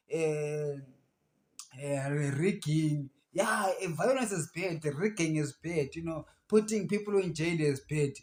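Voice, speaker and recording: Stammering Zimbabwean man, fairly high voice. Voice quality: stammers, with blocks and restarts. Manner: emphatic, rising to animated outbursts. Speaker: channel host. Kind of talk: casual commentary to viewers.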